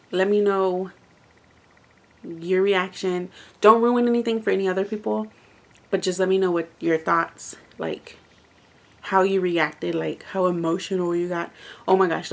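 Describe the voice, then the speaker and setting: A woman reviews books in a relaxed vlog, rambling and chatting with constant "like" fillers. She speaks in a creaky, mid-range voice.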